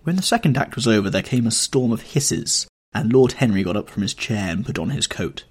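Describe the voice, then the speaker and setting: A man narrating a classic novel in an expressive, dramatic storytelling manner. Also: lowish voice, fairly quick, breathy edge. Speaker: audiobook narrator.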